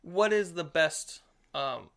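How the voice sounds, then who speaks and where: A man's voice: on the high side, takes it slowly, creaky. A man co-hosting a casual Christian discussion podcast, rambling and acting out little quoted voices as he talks. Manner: rambling, animated, acts out quotes. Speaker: podcast co-host.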